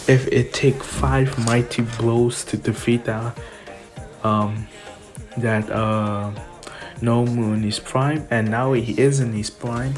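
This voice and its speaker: A woman casually retelling a fan-made what-if story, rambling with fillers and giggles. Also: rumbling low.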